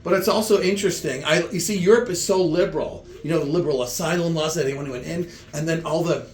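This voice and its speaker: A man telling comic stories in meandering, halting chat full of restarts. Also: fairly high pitch, reverberant, a little hiss or hum. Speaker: comedian. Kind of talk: rambling comedic chat.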